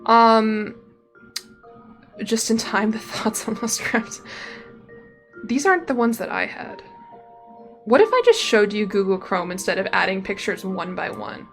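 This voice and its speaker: A woman's voice: medium pitch, measured pace, long pauses. A young woman streaming, chatting casually and rambling with lots of fillers and restarts. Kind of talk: casual live-stream chat. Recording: faint music behind.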